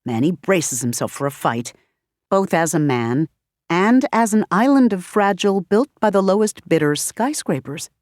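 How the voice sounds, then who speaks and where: A woman narrating an audiobook with expressive, varied delivery. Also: lowish voice, normal speed, no room sound, studio quality. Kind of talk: scripted narration.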